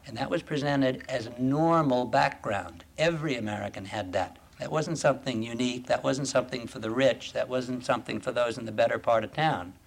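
A man lecturing an audience in a deliberate, emphatic way, often asking rhetorical questions. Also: mid-range voice, gravelly. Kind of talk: formal lecture.

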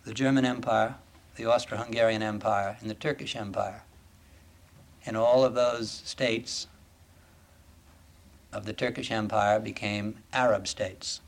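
A man lecturing an audience in a deliberate, emphatic way, often asking rhetorical questions. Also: fairly low pitch. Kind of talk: formal lecture.

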